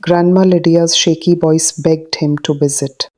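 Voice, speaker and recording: A woman reading a haunting story as narrator in a solemn, measured way. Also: low-pitched, fairly even intonation, darkish tone. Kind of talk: scripted narration.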